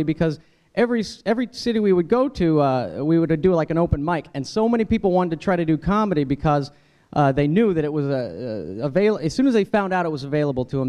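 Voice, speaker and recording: Male stand-up comic, slightly high voice, conversational, puts on quick exaggerated voices. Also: darkish tone. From United States. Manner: conversational, jumps into high-pitched character voices for quoted people. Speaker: stand-up comedian. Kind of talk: stand-up comedy set. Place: dinner event hall, live audience.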